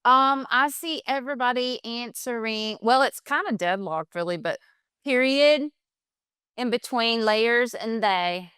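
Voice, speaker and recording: Friendly woman co-host, bright crisp voice. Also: fairly high pitch, a little slow, no echo, studio quality. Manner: friendly, supportive, brief comments. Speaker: co-host reading student poll results. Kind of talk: virtual class lesson.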